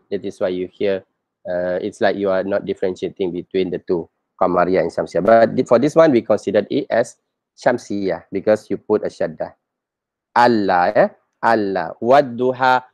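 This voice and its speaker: A man's voice: lowish voice, a little mellow, no echo. A man teaching a reading lesson, patiently saying each example several times and quizzing his learners as he goes.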